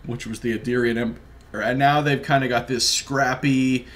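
A man's voice: mid-range voice, fairly even intonation, moderate pace, fairly bright tone. A man giving casual, joking let's play commentary while chatting with his viewers. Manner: chatty, joking, talks to chat. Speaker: gaming livestreamer.

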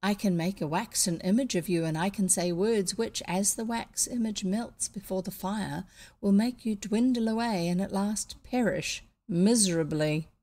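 A woman's voice: mid-range voice, moderate pace, dark tone, natural voice. A woman voicing a courteous, scheming young male Egyptian priest who turns stern, in a read-aloud storybook. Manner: smooth and polite, then stern.

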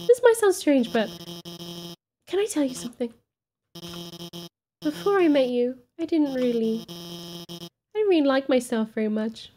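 A woman voicing a nervous, shy female lizard scientist in a video game, talking in halting, heartfelt bursts. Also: on the high side, warm tone, a little hiss or hum.

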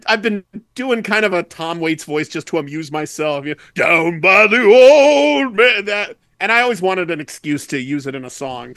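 A man's voice: a little high, sharp tone, dry recording. Dry-voiced chatty man, podcast guest. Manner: chatty, joking, quick digressions. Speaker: guest musician. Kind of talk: casual podcast chat.

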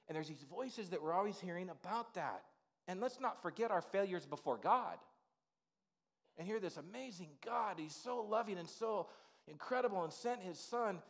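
A man's voice: high voice, animated, moderate pace. A male pastor delivering an informal, conversational sermon in a church sanctuary, full of "you know" asides.

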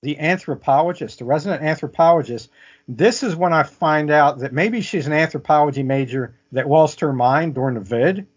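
A man's voice: a little high, normal speed. A man telling a vivid story as an interview guest, often checking in with "okay?". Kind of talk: casual storytelling. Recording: muffled lo-fi audio.

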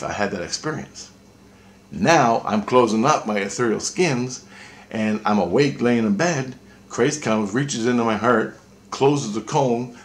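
A man's voice: mid-range voice, a little hiss or hum. A man vlogging a rambling, intense spiritual monologue, swearing freely.

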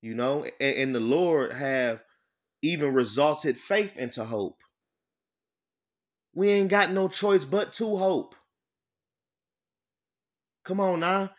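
A man giving an informal sermon. He reads verses slowly, breaks them down bluntly with profanity, and keeps checking in with "all right?". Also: fairly high pitch, animated. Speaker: scripture teacher. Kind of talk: informal sermon with scripture reading.

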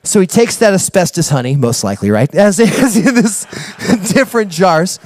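A man preaching a sermon as a pastor, telling a story with acted-out dialogue and building to excited preaching. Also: high-pitched, moderate pace, no echo. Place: church.

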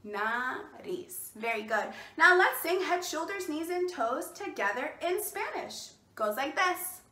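A woman with a high-pitched, very animated, sharp-toned voice hosts a bilingual children's storytime at a measured pace. Seated indoors in an echoey room, she cheerfully encourages the children to repeat words after her.

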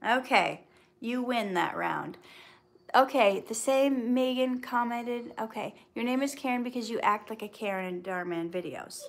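A woman's voice: on the high side, normal speed, creaky, slight background noise. A woman chatting through a casual livestream Q&A. She reads out her viewers' comments and answers each one in a friendly, chatty way. She gives earnest, faith-based advice and mixes it with light humor. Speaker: actress answering viewer questions.

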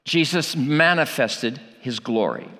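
A man's voice: medium pitch, takes it slowly, a bit bright, long reverb tail. A man preaching a sermon, emphatic, asking rhetorical questions and repeating key lines for weight. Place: church.

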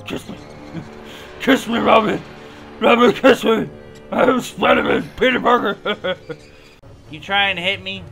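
High-pitched, gravelly man goofing over a game. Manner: excitable, stammering, laughing, goofy. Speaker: gamer playing a superhero video game. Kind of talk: playful let's-play commentary.

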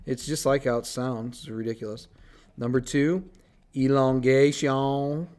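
A man's voice: medium pitch, normal speed, darkish tone. A man teaching biology in a recorded screencast lecture, talking casually as he draws on slides and corrects his own slips.

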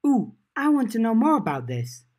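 A man voicing a curious, eager young woman, lifting his voice high. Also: big pitch swings, unhurried, slightly rough, full character voice.

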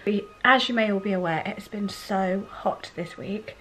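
An English woman in her thirties chats to her vlog camera in a rambling, easygoing way, often stopping to correct herself. Her voice sits at an ordinary middle pitch. Faint hiss runs under the recording. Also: moderate pace, a bit bright, rough recording. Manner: chatty, rambling, self-correcting. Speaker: vlogger. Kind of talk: casual vlog chat.

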